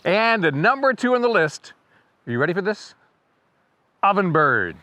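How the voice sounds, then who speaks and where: Hosting a relaxed birding video as a guide, this man explains things chattily and wryly, copying bird songs vocally. His voice is high, bright and forceful, very animated and fairly quick, with slight noise in the background.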